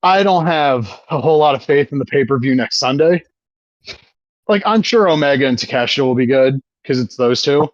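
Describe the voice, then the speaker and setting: A man's voice: medium pitch, expressive, a little fast, dry recording, muffled recording. A man co-hosting a podcast in casual chat, swearing often and talking with eager enthusiasm. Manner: profane, enthusiastic wrestling fan. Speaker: podcast co-host.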